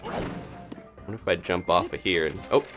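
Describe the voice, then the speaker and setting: A man's voice: low voice, a little slow, over music. A man streaming gameplay live, chatting casually to viewers and laughing often as he plays. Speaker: game streamer.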